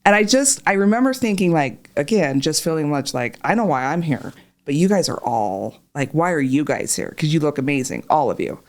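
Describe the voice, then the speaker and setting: A woman spins a long, profanity-laced story, jumping into the voices of the people in it. Her voice sits a little low but swings widely in pitch as she goes. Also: a little fast. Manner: profane, animated, acts out voices in quotes. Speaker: podcast guest, patient. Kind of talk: casual storytelling chat.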